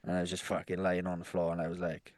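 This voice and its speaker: Halting, sweary man. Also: deep voice, completely flat delivery, darkish tone, dry recording, studio quality. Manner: halting, sweary, restarts often. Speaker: podcast co-host. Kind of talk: casual chat.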